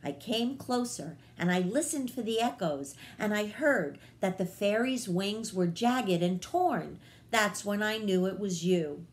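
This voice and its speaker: A woman voicing a gentle, apologetic small male bat in a children's read-aloud, humble and pleading. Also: medium pitch, lively intonation, unhurried.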